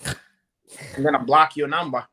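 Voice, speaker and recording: A man with a Brazilian Portuguese accent, a podcast co-host trading goofy jokes and loud impressions in casual banter. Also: a little high, steady tone, a little slow. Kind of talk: joking banter.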